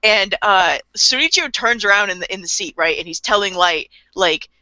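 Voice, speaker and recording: A woman's voice: mid-range voice, lively intonation, moderate pace, bright, forceful tone, dry recording. A woman co-hosting a casual podcast, recapping an anime with frequent giggles and acting out characters' lines. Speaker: podcast co-host.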